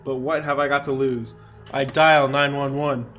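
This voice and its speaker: A man's voice: medium pitch, flat delivery, normal speed, fairly bright tone, soft background music. Man hamming up a horror story. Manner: reads with hammy emphasis, breaks into laughter. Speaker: podcast co-host. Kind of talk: comic dramatic reading of a horror story.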